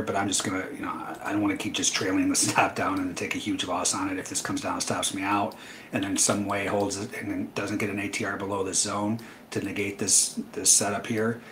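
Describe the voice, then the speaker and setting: A man's voice: low-pitched, fairly bright tone, a little hiss or hum, rough recording. A man hosting a live trading webinar, talking casually through his trades with lots of fillers and a dry, sarcastic edge. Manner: loose, rambling, many fillers, dry sarcasm.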